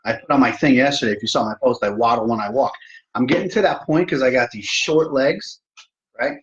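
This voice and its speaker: Brisk and mid-range in pitch, a middle-aged man hosts a laid-back home live stream where he mocks himself and chats directly with his viewers. The high frequencies are cut off.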